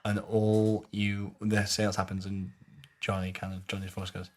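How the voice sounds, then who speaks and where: A man tells rambling stories in a fairly low voice, with the odd swear, as a podcast co-host. He keeps a casual, conversational pace. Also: flat delivery, measured pace.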